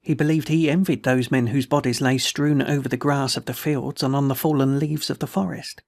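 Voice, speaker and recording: A man reading a novel aloud in a steady, measured narration. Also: mid-range voice, gravelly, dry recording, clean studio sound. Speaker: audiobook reader. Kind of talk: scripted narration.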